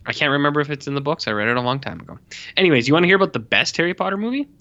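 Young man, casual movie chat, bright forceful tone, dull lo-fi audio. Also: on the high side, racing. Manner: animated, swears, mimics characters with squeals. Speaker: podcast co-host.

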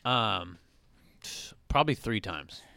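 Young dude telling a raunchy story, voice swings all over, dry close sound. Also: male voice, lowish voice, takes it slowly, vocal fry, no room sound. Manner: animated, swears a lot, acts out quoted voices. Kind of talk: crude casual storytelling.

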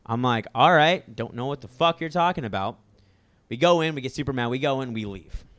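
Animated young man telling a story. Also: mid-range voice, a little fast, no echo. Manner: animated, acts out other people's lines. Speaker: podcast co-host telling a story. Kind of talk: casual storytelling chat.

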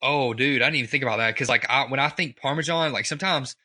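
Young guy cohosting a podcast, bright punchy voice, hyped and joking around. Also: medium pitch, quick pace. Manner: enthusiastic, playful, lots of fillers. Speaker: podcast co-host. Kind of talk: casual chat.

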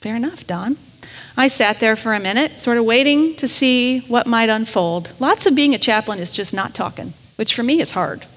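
A woman's voice: on the high side, animated, normal speed, fairly bright tone, slight background noise. A woman preacher telling a story in a sermon, in a conversational, candid and self-deprecating way. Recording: long reverb of a large hall.

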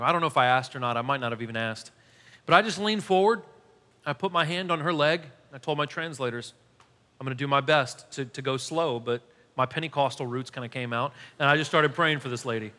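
A male pastor in his thirties preaching a sermon, telling a story with animated, self-deprecating humor. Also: a little high. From United States. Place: church hall. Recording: long hall reverb.

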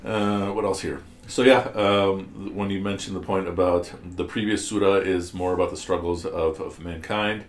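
This teacher has a deep, steady voice and talks at a moderate pace with few pauses, his words echoing around the room. In his classroom commentary on scripture, he explains ideas stepwise, asks the class questions, and restarts a lot.

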